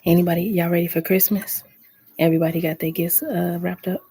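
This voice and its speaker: Soft-spoken woman with a low, level voice. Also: steady tone, fairly quick, slightly rough. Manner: laid-back, greets viewers by name. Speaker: tarot reader. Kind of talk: casual late-night live-stream chat.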